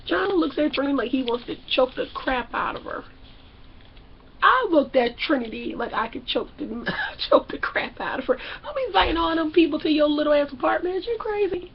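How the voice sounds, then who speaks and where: A young woman vlogger recapping a reality show in a loud, sassy, animated way, acting out the people she talks about. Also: high-pitched, normal speed, dull audio, a little hiss or hum. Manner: loud, sassy, acts out characters. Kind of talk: animated casual recap with acted-out quotes.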